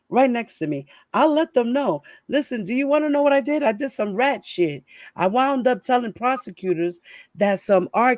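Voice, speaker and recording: A woman's voice: on the high side, no echo. A woman, hosting and ranting in a fiery, profane way and firing off rhetorical questions. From New York. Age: 40s. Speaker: host. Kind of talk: heated casual live-stream rant.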